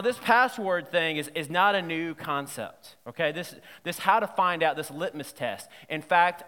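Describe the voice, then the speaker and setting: A man preaching a sermon in a playful, lively way, quizzing his audience as he goes. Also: on the high side, big-room sound. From Southern United States. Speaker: pastor.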